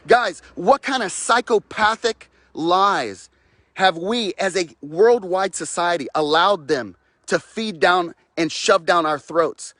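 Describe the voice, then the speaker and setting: A man's voice: high voice, takes it slowly, sharp tone, no echo. A man delivering a fiery, preachy rant outdoors, repeating phrases and mocking others' voices, recorded close on a phone.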